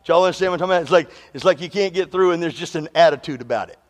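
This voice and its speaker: A male pastor with a drawl and a high voice. He preaches in a call-and-response way, teasing the congregation with humorous stories and calling for them to answer back. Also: rapid-fire, in a large hall. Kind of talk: sermon.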